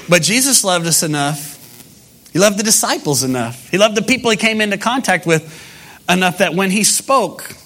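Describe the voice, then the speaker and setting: A male pastor delivers a sermon in a relaxed, talk-to-the-room way. He tells stories with animation. His voice sits high and sounds bright. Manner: conversational, animated storytelling.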